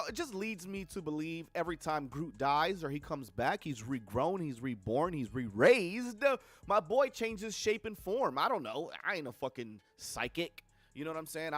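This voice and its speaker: A dry recording captures a young man's fairly high-pitched voice as he delivers a blunt, profanity-laced movie review rant on a livestream. His casual take is peppered with slangy asides.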